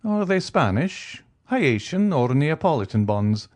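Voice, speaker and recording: A man voicing a wealthy, coolly ironic middle-aged count who talks in a teasing, measured way. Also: a little high, big pitch swings, darkish tone, voice pushed up. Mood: amused. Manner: teasing, measured, faintly mocking.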